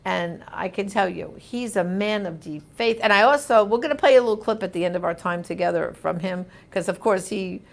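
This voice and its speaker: Animated woman reading viewer comments. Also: mid-range voice, brisk, creaky, few pauses. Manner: animated, emphatic, conversational. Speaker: host answering viewer comments. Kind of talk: casual live comment reading.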